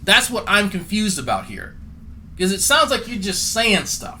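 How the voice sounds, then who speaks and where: A man's voice: high-pitched, big pitch swings, moderate pace, pushed and bright, a little hiss or hum, poor audio. A man doing profane, mocking commentary as a streamer, sarcastic and swearing often.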